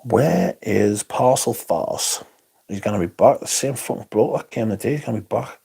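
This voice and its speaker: A man with a fairly low, mellow, husky voice and some vocal fry hosts a livestream at a moderate pace. He chats casually, reads out comments, and swears in exasperated asides.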